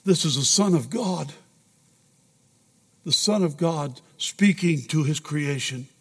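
A man's voice: fairly high pitch, takes it slowly, a bit bright, slightly rough. A man preaching a sermon as a pastor in a church sanctuary, emotional and at times urgent. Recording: long reverb in a large sanctuary.

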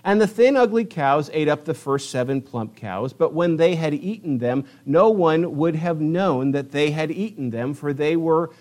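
A middle-aged man preaching a sermon, lively and emphatic, reading scripture and pressing home his points. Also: a little high, moderate pace, few pauses. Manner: animated preaching, rising to emphatic peaks. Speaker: pastor.

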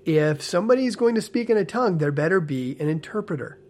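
A man in casual spoken commentary, animated and earnest with a smile in his voice, often checking in with "okay?" and "right?". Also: high-pitched, fast talker. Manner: animated, frequent tag questions like "okay?" and "right?"; talks with a smile, amused and earnest. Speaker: ex-church member commentator.

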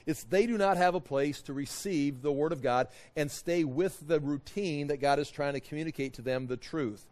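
A man's voice: on the high side, moderate pace, darkish tone. A man teaching a Bible study in a folksy, conversational way, retelling scripture with modern asides and stopping to explain Hebrew words.

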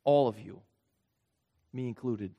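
A man preaching a sermon in an earnest way, his voice rising for emphasis and then dropping low and quiet. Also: takes it slowly, highs cut off. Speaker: pastor.

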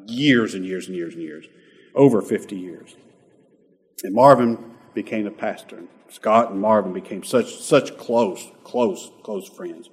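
A man preaching a sermon as pastor, earnest, swelling loud and then dropping almost to a whisper. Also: on the low side. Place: church sanctuary. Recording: long hall reverb from a church.

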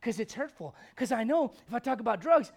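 A male pastor preaching a blunt, confrontational sermon, swinging from loud outbursts to hushed intensity. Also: extremely high pitch, big pitch swings, brisk, vocal fry.

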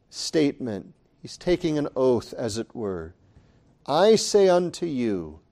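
A man preaching at an unhurried pace, his voice sitting a little higher than most men's. He lands each phrase deliberately and comes back to the key words again and again for emphasis. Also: mellow. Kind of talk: sermon.

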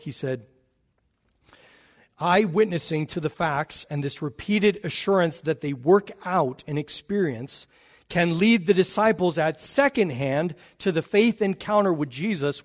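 A man delivering a sermon, with a voice pitched a little above the usual male range. He teaches emphatically, lifting his voice to stress key points and dropping it low to close a thought. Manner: emphatic, rises and falls in pitch and volume. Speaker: preacher.

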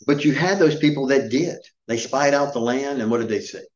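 A middle-aged male pastor delivers a sermon at an ordinary pitch, emphatic and scolding. He drives his points home with pointed rhetorical questions. The recording is a little dull and muffled. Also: a little fast, darkish tone. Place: church.

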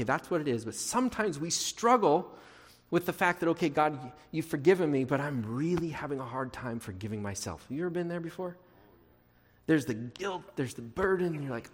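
Animated preacher in a reverberant hall. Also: male voice, fairly high pitch, husky. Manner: animated, acts out quoted prayers, swings between loud and hushed. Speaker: pastor. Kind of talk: sermon.

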